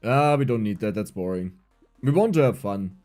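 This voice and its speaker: German guy streaming, rambling and animated, mellow voice, bit of game music behind. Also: lowish voice, normal speed. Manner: animated, rambling, frequent restarts. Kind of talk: casual livestream chat while gaming.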